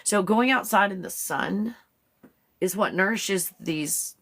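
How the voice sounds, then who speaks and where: A woman's voice: mid-range voice, takes it slowly, a bit bright. A woman hosting a casual live stream, chatty and rambling, often giggling and breaking off to talk to her dog. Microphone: phone.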